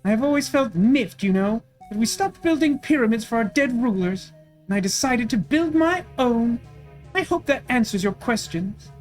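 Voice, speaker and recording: A woman's voice: a little high, lively intonation, normal speed, faint music behind, close to an everyday voice. A woman voicing a vain, haughty ancient queen who has become a vengeful cyber ghost, declaiming grandly. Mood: grandiose. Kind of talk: voicing game characters.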